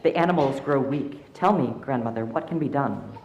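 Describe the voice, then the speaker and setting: A man's voice: mid-range voice, lively intonation, normal speed, creaky, darkish tone, muffled recording, a little hiss or hum. A man doing a resolute young girl, firm and respectful, echoey hall. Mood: determined.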